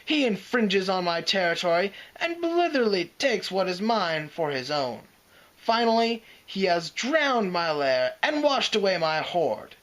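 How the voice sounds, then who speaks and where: Brief: man as a mocking, growling giant dragon, lively pitch swings, storybook reading. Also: unhurried, exaggerated voice, low-quality recording. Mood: scornful. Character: scornful huge male green dragon.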